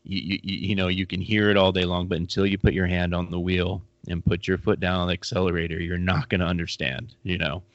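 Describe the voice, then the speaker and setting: A man's voice: deep voice, flat delivery, fast, few pauses, dry recording, lo-fi sound. A man co-hosting a casual fishing chat, rambling with many restarts and fillers. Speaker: fly fishing podcast co-host.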